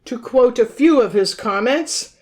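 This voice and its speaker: Measured woman reading aloud from her notes. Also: fairly high pitch, expressive, a little mellow. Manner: measured, quotes sources aloud. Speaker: podcast co-host and author.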